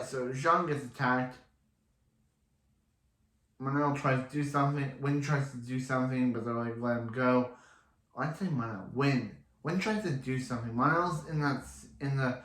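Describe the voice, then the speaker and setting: A man's voice: medium pitch, fairly bright tone, reverberant. A man casually recapping a TV episode, rambling and often restarting his sentences. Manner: rambling, repeats and restarts himself. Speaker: TV episode reviewer.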